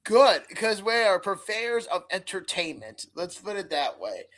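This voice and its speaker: Bright, teasing woman co-host with a lively voice. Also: medium pitch, unhurried. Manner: teasing, laughs loudly and often. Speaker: podcast co-host. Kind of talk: casual chat.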